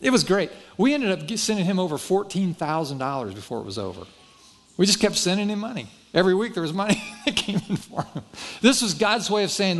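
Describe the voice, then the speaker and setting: A pastor preaching a sermon, telling a story in a folksy, self-deprecating way and acting out the dialogue. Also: male voice, high-pitched, expressive, brisk, a bit bright.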